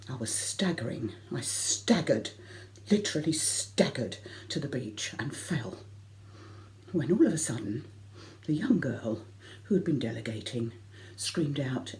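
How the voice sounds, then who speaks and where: A woman's voice: a bass voice, a little mellow, slight background noise. Self-mocking woman telling a funny story. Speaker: variety concert performer. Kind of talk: comic personal anecdote.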